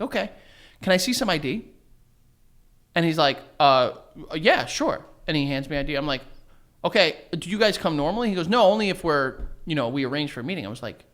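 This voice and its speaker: A man co-hosting a casual podcast chat, telling a story with lots of swearing and acted-out dialogue. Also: fairly high pitch. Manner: animated storyteller, swears freely, acts out quoted dialogue. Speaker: podcast co-host.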